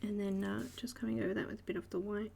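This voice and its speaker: Gravelly Australian woman teaching coloring. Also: mid-range voice, flat delivery, fast, noisy background. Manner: chatty, narrates each step and greets viewers by name. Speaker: host of a live coloring stream. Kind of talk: live art tutorial narration.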